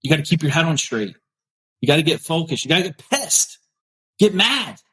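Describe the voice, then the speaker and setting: A man's voice: a little high, sing-song, a little fast, pushed and bright, slightly rough, low-quality recording. A middle-aged man hosting a podcast, giving blunt, fired-up motivational talk and repeating phrases for emphasis. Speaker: podcast host. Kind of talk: motivational live talk, reading viewer comments.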